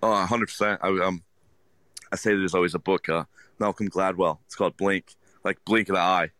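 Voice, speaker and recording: A man, a restaurant owner, talking earnestly in an interview, halting with many restarts. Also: deep voice, fairly even intonation, fairly bright tone, dry recording. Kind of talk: casual interview talk.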